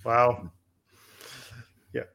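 A man from Canada co-hosting a casual film review podcast, measured with a wry, deadpan humor. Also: highs cut off. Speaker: podcast co-host.

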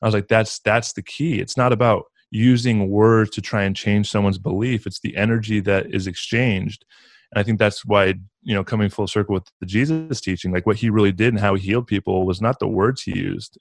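A man's voice: lowish voice, dry recording. A man talking earnestly and reflectively in a casual spiritual conversation, as a podcast guest, with many "like" fillers.

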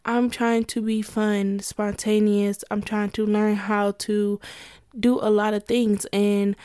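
A woman's voice: medium pitch, level tone, takes it slowly, mellow, clear, resonant tone, no room sound, clean studio sound. A young adult woman talking candidly to her listeners in a casual monologue, laughing often between points.

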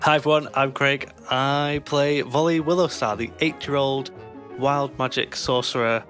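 A man's voice: medium pitch, fairly even intonation, moderate pace, fairly bright tone, faint music behind. A man chatting as a player on a tabletop podcast, giggly and self-mocking. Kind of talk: casual podcast banter.

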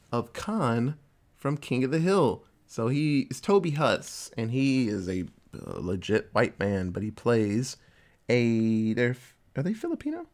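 A man casually recapping a TV episode with a co-host, telling it in an animated way and popping into quick voices for the characters. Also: mid-range voice. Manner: animated storytelling with quick voice switches for quoted characters. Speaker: podcast co-host.

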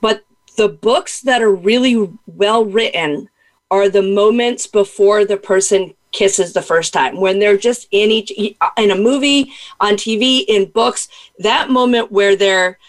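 A woman hosting a podcast, chatting casually and playfully, quick to laugh. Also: medium pitch. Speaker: podcast host.

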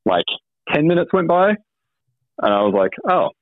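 A man's voice: fairly high pitch, big pitch swings, unhurried, no echo. A man telling a dating story as a guest, wry and hesitant with many ums. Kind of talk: casual storytelling. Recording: tinny phone line.

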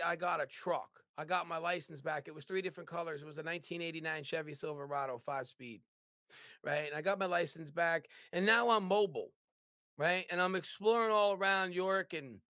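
A man telling his comeback story as a podcast guest, voice high and bright for a man. He talks in lively bursts, tagging nearly every line with a quick "right?" The sound is close and dry, with no room around it. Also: no echo. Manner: animated, tags lines with "right?". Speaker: business owner guest. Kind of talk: storytelling in an interview.

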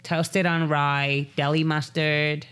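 Man doing a drunk valley girl, slow drawl, raised pitch, a bit far off. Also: little pitch movement, a bit bright, smooth. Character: drunk young woman ordering at a late-night deli.

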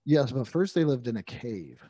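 A middle-aged man with a mellow, darker tone chats loosely, looping back and correcting himself as he talks. His delivery is jokey and rambling, and the sound is dry and close with no room around it. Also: medium pitch, very animated, normal speed, breathy edge, no room sound. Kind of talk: casual chat.

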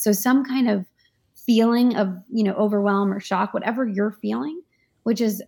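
A woman, a guest author and life coach, explaining ideas in a relaxed, practical interview style with frequent fillers. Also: mid-range voice, moderate pace, vocal fry. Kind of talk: conversational interview.

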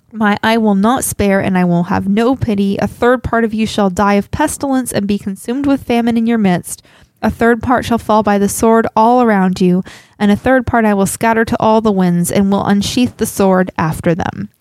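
A woman co-hosting a live show, reading scripture aloud in a steady, measured way and chatting between passages. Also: medium pitch, no echo. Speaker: co-host.

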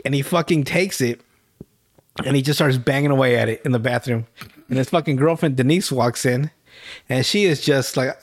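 A man hosting a podcast, casually recapping a show in a profane, rambling storytelling way. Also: mid-range voice. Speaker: podcast host.

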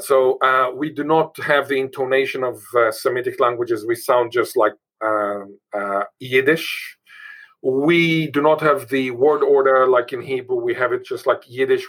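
A man's voice: mid-range voice, a bit bright, low-quality recording. A man from Israel, a linguist guest, talking emphatically and restating his points. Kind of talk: emphatic interview talk.

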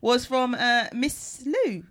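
A woman's voice: on the high side, lively intonation, takes it slowly, fairly bright tone. A woman co-hosting a chatty podcast, laughing and reading tweets aloud in mocking voices. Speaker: podcast co-host. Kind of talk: casual chat.

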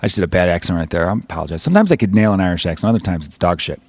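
Man, podcast host, casual profane rambling, fast delivery, dry close sound. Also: sits low, lively intonation, no room sound. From Chicago. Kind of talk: casual comedic monologue.

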